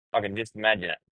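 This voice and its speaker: A man's voice: fairly low pitch, no echo, narrow, tinny audio. A young Australian man hosting a podcast, telling a rambling, profane yarn in casual storytelling style. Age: young adult. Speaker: podcast host.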